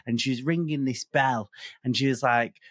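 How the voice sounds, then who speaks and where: A man with a Manchester accent, co-hosting a podcast and telling animated, sweary stories in casual chat. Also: mid-range voice, normal speed, no room sound, clean studio sound. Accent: Manchester English. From Northern England. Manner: animated storyteller who swears freely. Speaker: podcast co-host.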